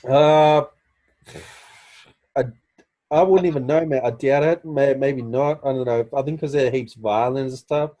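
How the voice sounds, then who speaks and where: A man's voice: medium pitch, steady tone, a little slow, long pauses, mellow. Laid-back young Australian man. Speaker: guest. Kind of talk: casual chat over video call. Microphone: video call.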